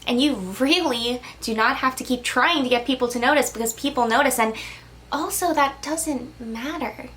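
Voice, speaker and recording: Young woman, high bright-ish register, gentle casual spiritual pep talk, soft laughs. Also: normal speed. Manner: soft, reassuring, casual with fillers, laughs between lines. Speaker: crystal healer giving a channeled message.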